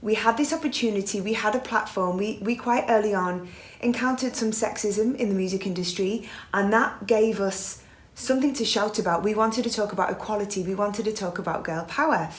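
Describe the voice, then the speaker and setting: A woman's voice: medium pitch, a little fast, roomy sound. A woman in her forties from England, a singer chatting in an interview and telling stories. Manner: chatty, warm-hearted storytelling with laughs. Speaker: guest singer. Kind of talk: casual interview chat.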